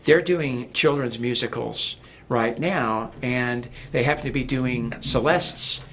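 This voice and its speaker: Taking his time, a male music producer rambles through a relaxed interview as a guest, full of fillers and restarts. He has a mid-range voice with a fairly bright tone, and the recording carries a little hiss or hum.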